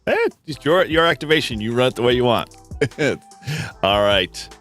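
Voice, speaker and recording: Boston-area man hosting a live quiz stream, mid-pitched, light music behind, laughs a lot. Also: expressive, normal speed, a bit bright. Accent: Boston-area American. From Massachusetts, USA. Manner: laughs often, chatty with restarts. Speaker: host.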